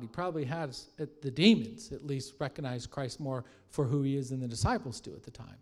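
A man preaching a sermon with animated storytelling, growing soft and hushed at reverent moments. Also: fairly high pitch. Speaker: pastor.

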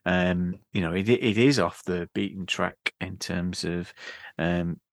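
A man's voice: deep voice, steady tone, a little slow, dry recording, studio quality. A man discussing a book on a podcast, thinking aloud with many fillers and restarts. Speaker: podcast co-host.

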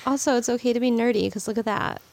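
A woman co-hosting a podcast, reacting with short, quick comments. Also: on the high side, fairly even intonation, vocal fry, a little mellow. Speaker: podcast co-host. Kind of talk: casual chat.

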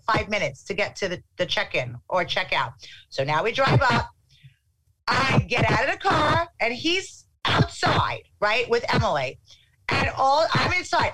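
A middle-aged woman telling a casual anecdote in an animated way, acting out what people said. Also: fairly high pitch, noisy background. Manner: animated, acts out quotes.

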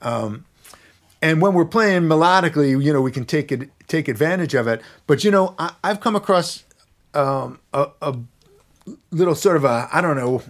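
A man, a violinist and teacher, explaining his technique as a guest on a podcast, thoughtful and searching for words, sometimes singing rhythms aloud. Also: fairly high pitch.

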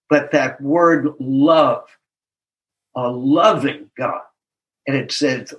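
At a recovery meeting, a man in his seventies shares his personal recovery story in a slightly high, somewhat bright voice. He's reflective and earnest, chuckling at himself and leaning on key words.

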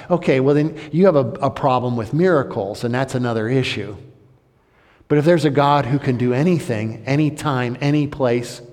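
A male pastor preaching a sermon, dramatic, swinging between loud, high outbursts and hushed, low passages. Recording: long hall reverb.

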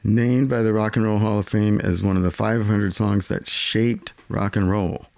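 A man's voice: fairly low pitch, steady tone, normal speed, creaky, darkish tone, dry recording. A man co-hosting a music podcast, explaining songs and guitar tones with enthusiasm. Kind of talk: casual music chat.

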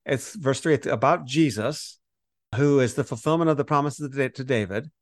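A man teaching through a passage of scripture in easy conversation, now and then dropping into quoted voices to make a point. His voice sits at an ordinary middle pitch and sounds close and dry, with no room around it. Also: normal speed, no room sound. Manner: animated explainer, acts out quoted voices. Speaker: podcast co-host teaching on Romans.

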